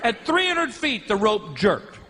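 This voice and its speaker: A middle-aged man performing stand-up comedy on stage, telling a story and acting out characters with shouted, high yelps. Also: huge pitch swings, unhurried. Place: comedy stage before a live audience. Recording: live show with crowd laughter and noise.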